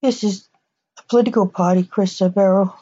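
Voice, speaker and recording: A woman's voice: mid-range voice, fairly even intonation, moderate pace, dark tone, husky, lightly acted. A woman voicing a stern male assassin who is a protective father, with dry, clipped lines, on a dull lo-fi recording.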